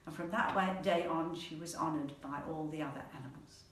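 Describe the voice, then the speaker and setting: A woman storyteller telling a folk tale aloud in a playful, animated manner, repeating words for rhythm. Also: low-pitched, a little fast. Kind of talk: oral storytelling. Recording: echoey room, mic at a distance.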